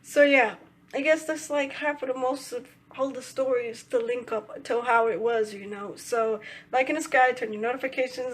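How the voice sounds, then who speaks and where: A woman's voice: a little high, steady tone, normal speed. A young woman vlogger telling a story in a casual, rambling way, full of "you know" and "right".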